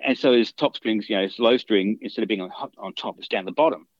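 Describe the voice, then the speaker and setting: A man's voice: fairly low pitch, fast, no echo, dull audio. A man, a guitarist, telling long casual anecdotes in an interview, full of restarts and fillers. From Australia. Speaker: guitarist guest.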